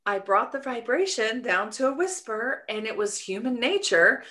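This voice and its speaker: A woman's voice: fairly high pitch, expressive, moderate pace, bright, forceful tone. A woman, a coach and podcast co-host, talking in an earnest, searching way in a casual conversation. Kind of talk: reflective casual podcast chat.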